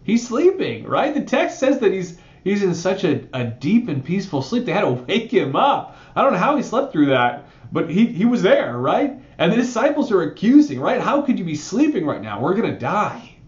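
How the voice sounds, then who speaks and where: A man's voice: high-pitched, normal speed, hardly any pauses, dull audio. Conversational male pastor in a roomy church. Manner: conversational, animated preaching with frequent "right?" asides. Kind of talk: sermon.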